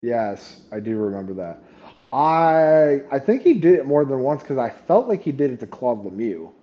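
A man chats casually as a podcast co-host, telling stories and laughing through them. His voice sits at an everyday middle pitch, and the sound is muffled and lo-fi. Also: sing-song, moderate pace. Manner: laughs while telling stories, hockey talk. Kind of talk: casual chat. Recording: dull lo-fi mic.

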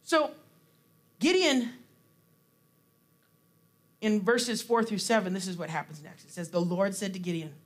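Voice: medium pitch, measured pace, pauses often. Laid-back preacher, chatty sermon, lots of likes and restarts. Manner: chatty, laughs often, acts out quotes; frequent fillers and restarts. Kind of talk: casual sermon.

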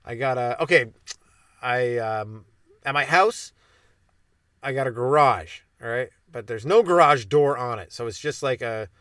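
A young man hosts his comedy podcast as a loose solo monologue, restarting his sentences and mocking his own dark jokes. His voice sits at an ordinary middle pitch. The recording is dry and close, with no room sound. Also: a little slow, no echo. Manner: self-deprecating, stumbling and restarting, dark jokes. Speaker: stand-up comedian hosting a podcast.

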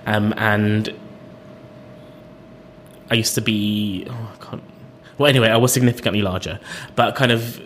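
Young british guy, guest on a podcast, low voice, thinking out loud, faint rumble behind. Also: steady tone, moderate pace, long pauses. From Britain. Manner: reflective, hesitant, laughs often. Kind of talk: casual interview conversation.

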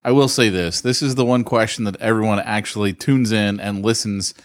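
A man's voice: lowish voice, steady tone, fairly quick, no room sound, studio quality. A man co-hosting a podcast, teasing and playful, also reading the outro. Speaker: podcast co-host. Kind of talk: casual podcast chat and outro. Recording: music bed behind voice.

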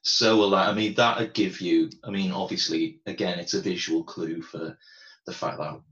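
A man chatting casually about a film, animated with stammering restarts. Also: deep voice, moderate pace, reverberant, dull audio.

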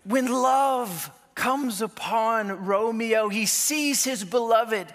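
Pastor preaching, man, unhurried delivery, reverberant church hall, chatty and self-mocking. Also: very high voice, a bit bright. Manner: conversational, self-deprecating, with playful quoted asides. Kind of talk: sermon.

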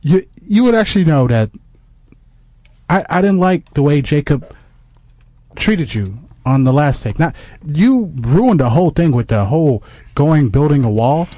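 A man's voice: fairly high pitch, sing-song, measured pace, warm tone, dry recording. A man playing a flustered stammering ad director. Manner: stammering, placating. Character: flustered apologetic male ad director. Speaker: commercial director. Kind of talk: improvised sketch comedy.

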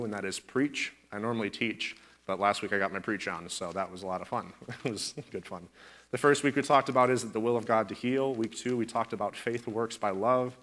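A man's voice: fairly low pitch, fairly bright tone. A man teaching a church group in a chatty, joking sermon, laughing between points and talking into a corded microphone. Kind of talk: casual sermon with a joke.

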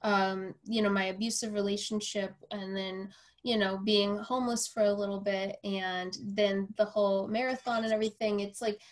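Animated woman host telling a story. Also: mid-range voice, moderate pace. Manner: animated, acts out quoted dialogue, frequent fillers. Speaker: podcast host and personal trainer. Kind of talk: casual storytelling conversation.

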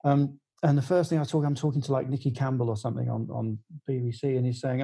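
Middle-aged male guest, music journalist, warm low-key tone, chatty rambling anecdotes. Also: steady tone, quick pace, gravelly, few pauses, slightly rough, poor audio. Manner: rambling storyteller with many fillers and restarts. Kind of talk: casual podcast anecdote.

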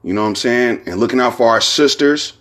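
A man hosts his own podcast in a casual solo monologue, his mid-range voice fairly quick and a bit bright. He rambles loosely, heavy on slang and profanity, repeating "you know what I'm saying."

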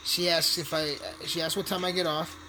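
A man's voice: on the high side, level tone, normal speed, background noise. A man telling a rambling story in a casual, profane way while playing a video game. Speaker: hotel worker telling a story. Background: music playing.

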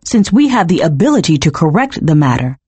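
A woman narrator voicing a cold, zealous male cult leader who speaks in a measured, slightly clipped way, with a husky, animated delivery. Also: sits low, no room sound, exaggerated voice.

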